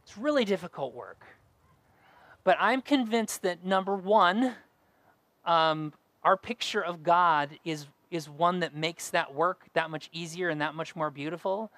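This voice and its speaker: Young male pastor, sermon, earnest, repeats key phrases, high voice, dry sound. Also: a little slow, pushed and bright, no room sound.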